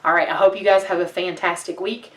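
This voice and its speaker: A woman's voice: fairly low pitch, steady tone. A woman teaching a memory verse to children in a patient, encouraging way. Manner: encouraging, patient, speaks slowly when reciting. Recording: roomy sound from a distance.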